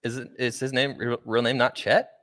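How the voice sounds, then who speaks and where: A man's voice: medium pitch, level tone, moderate pace, fairly bright tone, dry recording. A young adult man co-hosting a podcast in casual, jokey chat, often trailing off mid-sentence. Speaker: podcast co-host.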